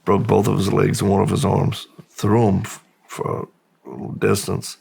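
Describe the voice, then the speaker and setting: A man from the United States, a guest in an interview, slowly and reflectively telling his life story with pauses and restarts. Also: low-pitched, monotone, vocal fry, dark tone, slightly rough.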